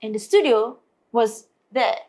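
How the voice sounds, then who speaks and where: A Malaysian woman and singer, appearing as an interview guest, tells stories in a slightly high, unhurried voice. She's lively, acting out other people's lines in put-on voices.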